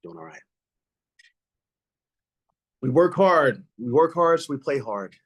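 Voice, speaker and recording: Animated man hosting a video-call podcast. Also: medium pitch, breathy edge. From Virginia. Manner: animated, teasing, quick restarts and stammers. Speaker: podcast host. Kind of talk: casual video-call chat.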